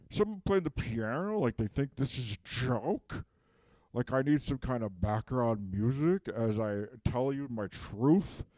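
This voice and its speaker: A man's voice: mid-range voice, warm tone, no echo. A man playing a petty, aggrieved villain who has just been unmasked, rambling and whiny and tagging "okay?" onto everything in a comedic self-tape monologue.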